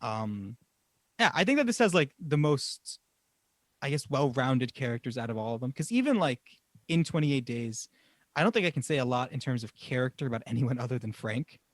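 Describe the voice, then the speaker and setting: A man's voice: mid-range voice, big pitch swings, normal speed, dry recording, studio quality. A man co-hosting a casual podcast chat, rambling through his thoughts with frequent laughs and swearing. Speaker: podcast co-host.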